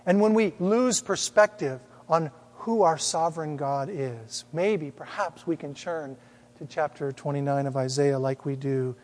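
Man, pastor, sermon, high voice, storytelling, rhetorical questions, long church reverb. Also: darkish tone.

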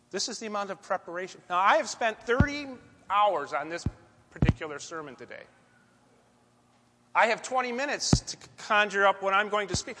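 High-voiced man preaching, echoey hall. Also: brisk, background noise. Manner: animated, conversational storytelling. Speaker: church speaker. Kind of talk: storytelling sermon. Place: church sanctuary. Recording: long echoey church hall reverb.

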